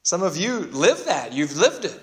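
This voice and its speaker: A man's voice: high-pitched, very animated, a little slow, big-room sound. A male pastor giving an earnest, emphatic sermon, often restarting and repeating his words as he builds each point.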